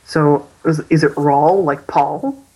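Slow, hesitant man recapping a story. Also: on the high side, poor audio. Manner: hesitant, laughs often while explaining. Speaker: podcast co-host. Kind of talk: casual podcast chat.

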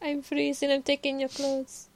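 A woman reacting to a film with friends, trading excitable reactions and quips. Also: sits high, moderate pace, no room sound. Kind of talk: joking commentary over a film.

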